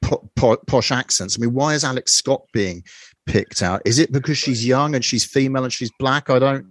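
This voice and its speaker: A man's voice: medium pitch, moderate pace, dry recording, studio quality. A man hosting a weekly review show, talking casually with many fillers and restarts. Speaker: host.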